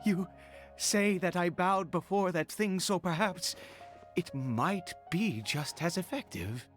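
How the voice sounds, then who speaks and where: A woman voicing a formal, halting older father, reading his game dialogue aloud. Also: lowish voice, lively intonation, faint music behind, pitched below the performer's own voice. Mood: solemn. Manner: formal, halting old-fashioned speech. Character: grieving noble father, older man.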